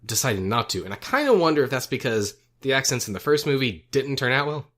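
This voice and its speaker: A young man in relaxed podcast chat about a film. He talks in a rambling, self-correcting way and laughs at his own quips. His voice sits at an ordinary middle pitch. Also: quick pace. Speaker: podcast co-host. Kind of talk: casual movie review chat.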